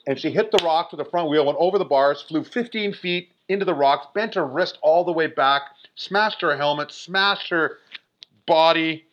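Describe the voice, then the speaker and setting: A man in his forties telling a story in a casual, animated way, full of "like" fillers. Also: a little high, normal speed. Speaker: guest. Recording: dull lo-fi recording.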